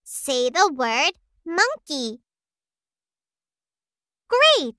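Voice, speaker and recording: A woman narrates a children's listening track, cheerful and encouraging, with very slow, carefully spaced words. Her voice is high and lively, bright, and recorded dry and close. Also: no room sound.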